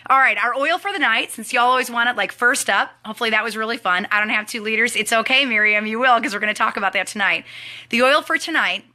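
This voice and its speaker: A woman's voice: a little high, fast. A young woman chatting animatedly as she hosts a live team training stream. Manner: chatty and animated, talks to viewers. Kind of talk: casual live-stream chat.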